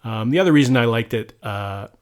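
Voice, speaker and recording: A man talking casually on a movie review podcast. His voice sits at an ordinary middle pitch, and he rambles, filling pauses with ums and uhs and restarting his thoughts as he goes. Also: lively intonation, darkish tone. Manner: rambling, full of fillers and restarts. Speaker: podcast co-host. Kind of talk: casual film review chat.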